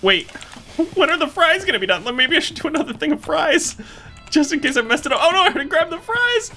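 A man's voice: very high voice, very animated, brisk, sharp tone, soft background music. A young man in playful let's-play commentary, chatting through a cooking game and greeting customers in a cheery service voice. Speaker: gaming YouTuber.

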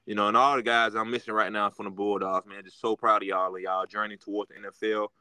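A man co-hosting a sports podcast, rambling and excitable, full of fillers and restarts. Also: on the low side, fast, clean tone, dry recording, poor audio. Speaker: podcast co-host. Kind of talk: casual sports chat.

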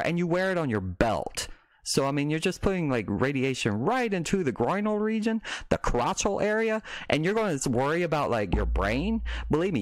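A man's voice: fairly high pitch, no room sound. A man hosting a casual live stream, talking in a rambling, self-interrupting way that breaks into mocking rants.

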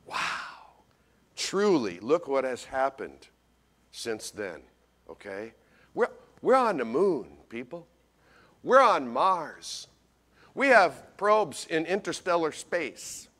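A man preaching a Christmas sermon as pastor, folksy and animated, talking straight to his congregation and swinging from loud to hushed. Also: on the high side, slow pace. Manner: folksy, addresses congregation directly.

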